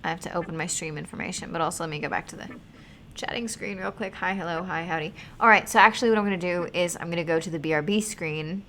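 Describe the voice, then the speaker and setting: A woman's voice: fairly low pitch, quick pace, fairly bright tone, a little hiss or hum. A young woman streamer reading a text game aloud, reacting expressively and swearing freely.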